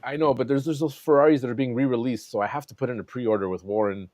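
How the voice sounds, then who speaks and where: A man's voice: mid-range voice, steady tone, quick pace, darkish tone, dry recording. A man hosting a casual chat, rambling along with lots of ums and restarts. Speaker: host.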